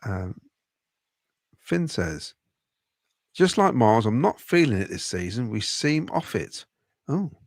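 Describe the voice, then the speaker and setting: A man with a Coventry accent from the English Midlands co-hosts a football fan podcast, reading viewer comments aloud with chatty asides. His mid-range voice has a sing-song lilt, and he goes slowly with long pauses. The studio-quality sound has no echo.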